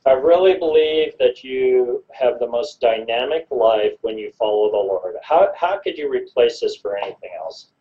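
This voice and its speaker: A man host in casual conversation, earnest and sometimes slowing his words. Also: mid-range voice, expressive. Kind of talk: casual chat. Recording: dull, muffled sound.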